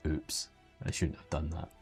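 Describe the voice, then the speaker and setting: On a live stream, a 3D sculpting instructor teaches digital sculpting in a casual, joking way and often restarts his sentences. Faint music plays in the background.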